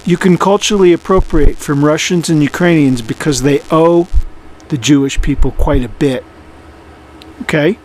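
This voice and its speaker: A man with a high voice reacts to a clip with heavy sarcasm. He sounds incredulous and mocking, repeats his lines and swears. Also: slight background noise.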